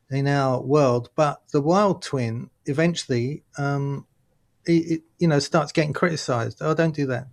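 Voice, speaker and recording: Chatty man telling stories. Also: a little high. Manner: animated storyteller, acts out quoted voices, laughs often. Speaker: guest, workshop leader. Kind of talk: casual interview chat.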